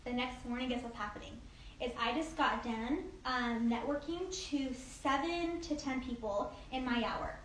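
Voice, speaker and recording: In a high, slightly bright voice at a moderate pace, a woman leads a casual group training session on networking, upbeat and chatty, peppering her talk with "like" and "okay?". The mic is distant in an echoey room, with faint noise.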